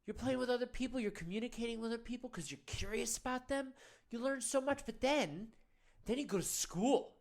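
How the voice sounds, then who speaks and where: A man's voice: very high voice, fairly quick, vocal fry. A man playing a self-serious male men's-wellness guru, leading a parody of a guided meditation in an earnest, coaxing, rambling way.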